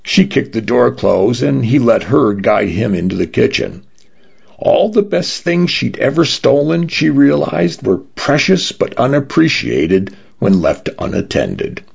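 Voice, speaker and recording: A man's voice: medium pitch, very animated, measured pace, creaky, darkish tone, husky. A man reading science fiction stories aloud as a radio narrator. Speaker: radio story reader. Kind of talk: scripted narration. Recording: dull lo-fi radio broadcast.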